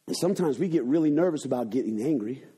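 A man preaching a sermon to his congregation from a church, swinging between loud, urgent passages and low, hushed ones, with call-and-response phrases. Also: animated, fast talker, slightly rough. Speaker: pastor. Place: church sanctuary.

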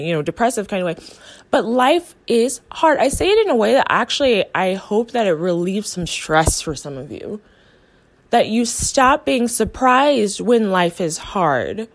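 A young adult woman from the United States, hosting a motivational podcast as a coach and speaking earnestly to her listeners. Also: a little high. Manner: earnest, encouraging, voices the listener's inner thoughts.

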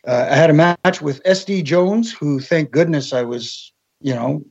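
Husky-voiced man telling stories. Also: a little high, measured pace. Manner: storytelling, acts out quoted voices. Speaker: guest, former wrestling referee. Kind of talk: casual interview chat. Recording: dull lo-fi sound.

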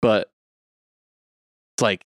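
A man's voice: extremely slow, no room sound, clean studio sound. A man co-hosting a podcast in casual chat, loose and profane, laughing often. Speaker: podcast co-host.

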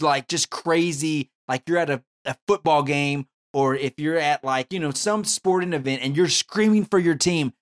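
Rambling, halting man in casual chat. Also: on the high side. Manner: rambling, halting, many restarts, bursts into loud excited yelling.

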